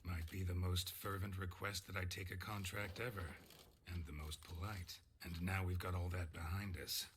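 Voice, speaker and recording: An actor playing a gruff, weary middle-aged monster hunter in a video game, speaking in terse, dry, understated lines. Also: male voice, low-pitched, little pitch movement, normal speed, noisy background, lightly acted.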